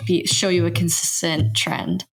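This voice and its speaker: A woman's voice: fairly low pitch, flat delivery, unhurried. A woman co-hosting an interview, asking the guest questions in a casual, chatty way.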